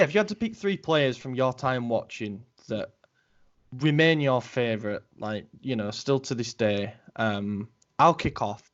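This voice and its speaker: Guy in his 20s, podcast co-host, rambling casual chat, mid pitch, dull lo-fi audio. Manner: chatty, rambling with many ums.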